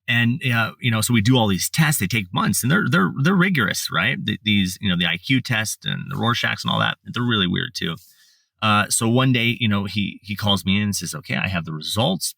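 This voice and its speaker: Low-voiced man rambling through his story. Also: fairly quick, vocal fry, sharp tone, no echo. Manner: rambling, many fillers and restarts. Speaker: podcast guest. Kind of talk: casual storytelling interview. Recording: slightly distant mic, dry sound.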